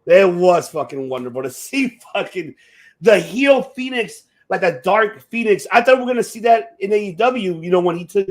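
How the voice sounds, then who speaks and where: Man, high-pitched voice, casual host chat, excitable, profane, rambling. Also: moderate pace. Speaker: podcast host. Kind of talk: casual chat about wrestling.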